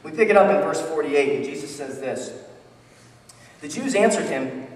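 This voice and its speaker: A male pastor preaching a sermon in a conversational, animated way, often restarting his sentences. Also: on the high side, normal speed, long pauses. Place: church sanctuary. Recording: echoey church hall, distant mic.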